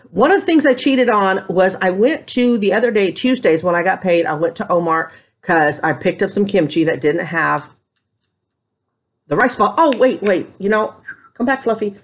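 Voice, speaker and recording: A middle-aged woman talks to her camera at home in a loose, chatty way, rambling from one story to the next. Her voice sits at an everyday pitch for a woman. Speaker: vlogger. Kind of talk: casual chat to camera.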